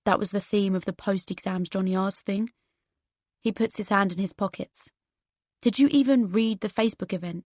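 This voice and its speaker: A man's voice: high voice, normal speed, darkish tone, no room sound. A woman doing a blunt, teasing teen boy. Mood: dry. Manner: dry, blunt, sardonic.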